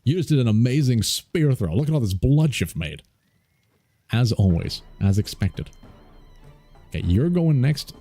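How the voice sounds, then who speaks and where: A man's voice: medium pitch, animated, unhurried, pauses often, dark tone, no echo, faint music behind. A man streaming a strategy game, joking playfully and laughing often as he comments on his moves. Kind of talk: casual let's-play commentary.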